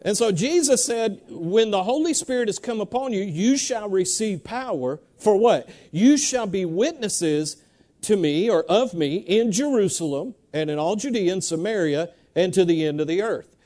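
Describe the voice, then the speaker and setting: A man preaching a sermon, animated and urging the congregation to answer back, reading Bible verses slowly. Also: sits high. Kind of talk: sermon with congregation call-and-response.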